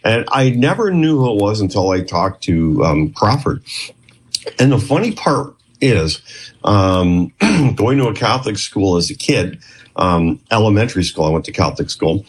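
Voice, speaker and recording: A man's voice: on the low side, very animated, normal speed, slight background noise. A middle-aged man, a former clinician, telling rambling stories in an interview and often acting out quotes. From Canada. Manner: rambling, chatty, with frequent restarts and acted quotes. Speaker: guest, former clinician who worked with police. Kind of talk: storytelling interview.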